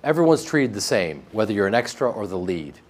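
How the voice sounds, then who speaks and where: A man with a flat Midwestern American accent, interviewed about his acting work, joking and self-deprecating with frequent restarts. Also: on the low side, fairly quick. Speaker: actor interviewed. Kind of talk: casual interview chat.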